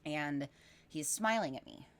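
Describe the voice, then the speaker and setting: Woman, low pitch, casual rambling storyteller, podcast guest. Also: measured pace. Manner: animated, rambling with frequent fillers.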